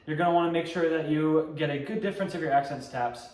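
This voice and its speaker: A man's voice: fairly high pitch, quick pace. Young guy breaking down drum beats, scats the rhythms, echoey room. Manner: relaxed, explains step by step, scats drum rhythms. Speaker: drumline instructor. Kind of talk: casual instructional tutorial. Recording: echoey room, mic at a distance, loud noise.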